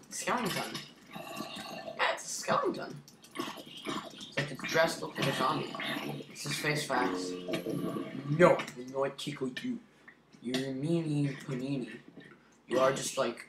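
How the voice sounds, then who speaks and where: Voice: medium pitch, roomy sound, very noisy. A gameplay commentator in casual let's-play chatter, playful and teasing, muttering asides to the other players.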